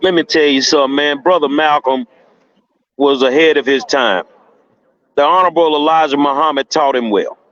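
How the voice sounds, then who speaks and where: A man's voice: a little high, a bit bright, no room sound. Emphatic man on a dull phone line. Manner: emphatic, slangy, laughs often. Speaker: protester reporting from the street. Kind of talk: casual phone interview.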